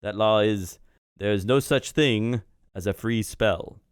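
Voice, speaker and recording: A man voicing a cryptic, ageless male being in an adopted body, who asks slow, probing questions in a tabletop game. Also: on the low side, clear, resonant tone, no room sound, clean studio sound, close to an everyday voice. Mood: lecturing.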